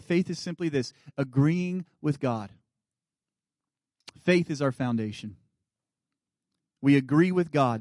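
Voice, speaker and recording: Male guest preacher, 30s, earnest sermon delivery, a bit high in pitch, dry close-miked sound. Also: no echo. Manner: earnest preaching, dropping to soft quiet asides. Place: church sanctuary.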